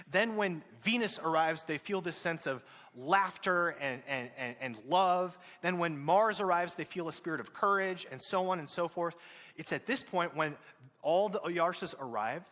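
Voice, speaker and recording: A man's voice: fairly high pitch, bright, forceful tone, long reverb tail. A male teacher retelling a novel's plot to his students, with fillers and questions to the class.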